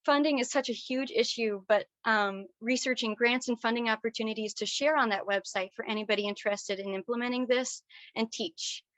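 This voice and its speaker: A woman graduate student presenting her thesis over a video call, tearful, earnest and halting. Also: a little high, fairly bright tone, no room sound. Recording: dull dry video call audio.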